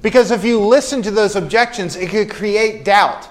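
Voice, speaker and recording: A man's voice: high-pitched, moderate pace. A man preaching a sermon as pastor in a church sanctuary, earnest and emphatic, repeating key phrases.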